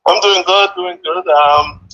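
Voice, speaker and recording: An older man with a faded Vincentian accent calls in over a tinny phone line. His voice is fairly high and bright, and he stumbles and repeats words as he feels his way through each thought. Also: fairly even intonation. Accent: Vincentian, softened by decades in the US. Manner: halting, repeats words often, chuckles. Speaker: caller. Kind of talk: casual phone-in chat.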